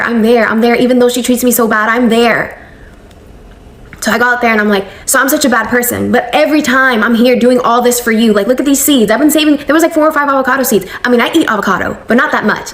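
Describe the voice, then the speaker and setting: A young woman recounting a family conflict in a casual storytime vlog, animated and slangy, acting out the quoted lines. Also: fairly high pitch, slight background noise.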